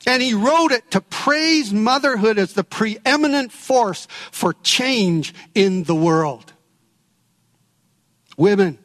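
A man preaching a sermon, telling stories and stressing key words with measured pauses. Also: high-pitched, a bit bright, long reverb tail. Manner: preaching with storytelling and emphatic pauses. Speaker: pastor.

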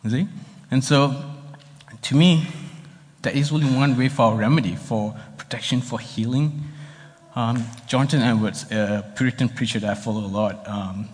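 A man's voice: mid-range voice, normal speed. A man pastor preaching a sermon in a conversational, explanatory way, heard in a church hall. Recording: long reverb of a hall.

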